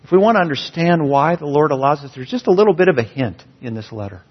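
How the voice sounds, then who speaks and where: A pastor preaching a sermon in a church, earnest and building emphasis on key phrases. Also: male voice, on the high side, expressive, quick pace, husky. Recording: dull, slightly lo-fi sound.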